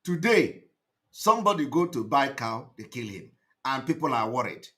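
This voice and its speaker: Emphatic man, lively high voice. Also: moderate pace. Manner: emphatic, repetitive, swings between loud outbursts and low asides. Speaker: online show host. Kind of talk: impassioned commentary monologue.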